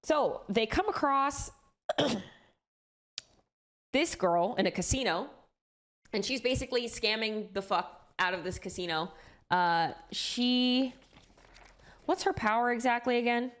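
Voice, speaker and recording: A woman's voice: a little high, lively intonation, slow pace, pauses often, a bit bright. A woman streamer chatting casually and enthusiastically about comics, swearing freely as she talks.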